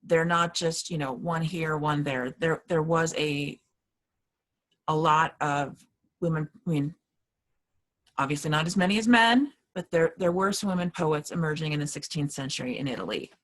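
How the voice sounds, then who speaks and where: A woman with a low voice teaching a relaxed class on poetry. She talks in a loose, rambling way, full of fillers and restarts. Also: moderate pace. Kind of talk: casual lecture.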